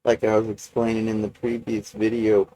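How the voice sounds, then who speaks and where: A man recording a personal video journal, talking in a halting, rambling way with many restarts and fillers. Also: lowish voice, completely flat delivery, warm tone, poor audio.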